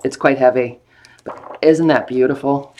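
A woman's voice: rumbling low, steady tone, unhurried, dark tone, a little hiss or hum. A woman hosting a live stream sale of vintage books, chatting playfully and gushing over each one. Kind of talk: casual live sale chat.

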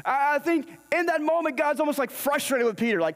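Man, very high voice, sermon, storytelling preacher, long church reverb. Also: expressive, a little fast, hardly any pauses. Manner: storytelling, acts out the dialogue in scripture. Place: church sanctuary.

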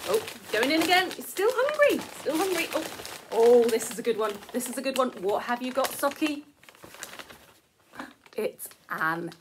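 A woman's voice: sits high, big pitch swings, takes it slowly, pauses often, a bit bright, slight background noise. A woman teacher giving a playful, sing-song lesson to young children.

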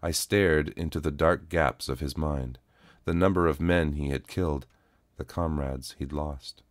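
A man narrating a first-person audio story in a calm, even storytelling manner. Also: rumbling low, unhurried, no echo, studio quality.

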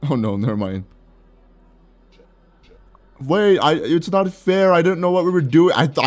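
Joking young man playing a game. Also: on the high side. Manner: playful, joking, laughs often, reads game text aloud. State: sore mouth. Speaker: gaming YouTuber. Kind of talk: let's play commentary.

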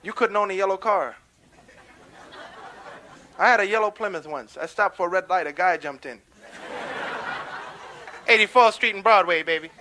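A brash young comic with a New York accent works a club crowd, slipping readily into character voices. His voice sits high and holds a steady tone, captured on a faintly hissing live album from the 1970s.

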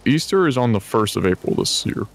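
A man's voice: mid-range voice, big pitch swings, brisk, vocal fry, slight background noise. A man on voice chat with his teammates, laid-back and repeating himself. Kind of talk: casual gaming chat.

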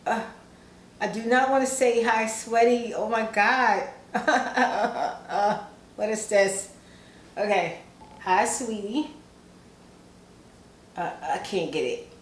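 A woman's voice: medium pitch, slow, echoey room, a little hiss or hum, poor audio. A woman vlogger who chats casually and giggles often while reading fan messages aloud, sounding sleepy. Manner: chatty, giggly, self-teasing. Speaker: ASMR vlogger.

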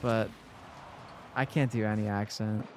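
A man's voice: lowish voice, fairly even intonation, unhurried, darkish tone, a little hiss or hum. Chatty young man streaming live. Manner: chatty, swears freely, addresses chat directly. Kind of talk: casual live-stream chat while gaming.

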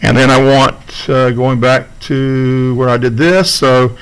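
A man's voice: medium pitch, fairly even intonation, slow, fairly bright tone, slight background noise, poor audio. Casual male teacher walking through steps. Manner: casual, talks students through screen steps. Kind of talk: classroom video lesson.

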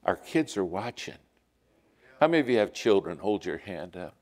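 A man preaching a sermon in a church, telling stories and acting out the quotes with lively shifts of voice. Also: deep voice, normal speed. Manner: storytelling with lively acted-out quotes. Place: church sanctuary. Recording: long hall reverb.

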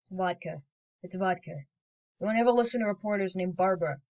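A woman's voice: lowish voice, fast, darkish tone, lightly acted, poor audio. A woman voicing a chirpy, earnest female mock news reporter with an over-polite newsreader delivery.

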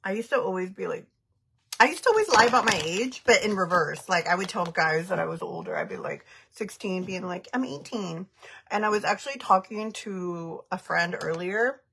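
Husky-voiced chatty woman in her thirties. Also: on the low side, brisk, fairly bright tone. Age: 30s. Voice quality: giggly, chatty. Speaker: makeup livestreamer. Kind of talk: casual livestream chat reading comments.

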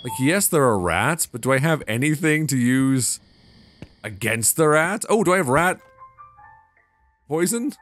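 A man's voice: a little high, expressive, unhurried, pauses often, fairly bright tone, faint music behind. A man commenting on a horror video game as he plays, swearing a lot and getting easily flustered. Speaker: gamer. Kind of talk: let's play commentary.

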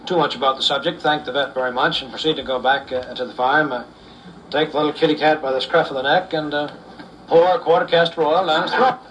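A man tells folksy humorous stories at an unhurried pace, leaning on "uh"s. His voice sits slightly high for a man. It is picked up from a distance with faint noise in the background. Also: fairly even intonation, a bit bright. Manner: unhurried, with fillers. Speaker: storyteller.

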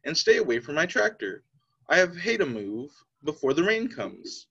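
A man's voice: on the high side, big pitch swings, normal speed, a bit bright, breathy edge, full character voice. A man voicing a stern, grumpy old farmer in a read-aloud storybook, scolding firmly. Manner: scolding, firm. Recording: slightly dull lo-fi sound.

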